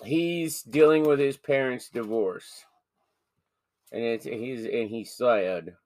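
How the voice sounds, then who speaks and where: A man's voice: mid-range voice, slow pace, a little mellow. A man hosting a horror podcast from home, joking around, swearing casually and laughing often. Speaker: podcast host.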